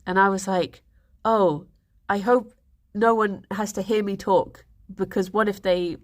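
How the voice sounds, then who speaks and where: A woman's voice: mid-range voice, fairly even intonation, a little slow. A young woman, chatting casually on a stream and telling rambling stories with lots of giggles. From England. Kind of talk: casual chat.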